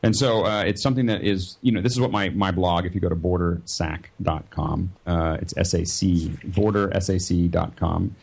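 A man with a low, gravelly voice reads a podcast sponsor spot. He talks loosely and rambles, with plenty of fillers and restarts. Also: steady tone, moderate pace, hardly any pauses, a little mellow. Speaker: regular podcast panelist. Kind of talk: casual podcast chat and sponsor read.

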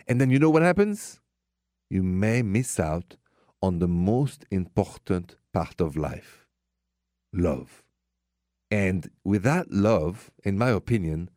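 A male radio host gives relationship advice in an upbeat, emphatic manner. His voice is low, but it rises and falls a great deal. The sound is close and dry. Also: darkish tone, no echo. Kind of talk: radio advice talk show.

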